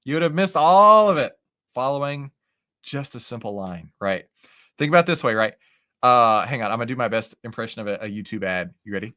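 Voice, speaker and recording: Man, live trading stream host, chatty, animated pitch, keeps asking "right?". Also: brisk. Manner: lively, animated, talks with chat and charts; says "right?" and "okay?" often. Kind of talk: casual live market commentary.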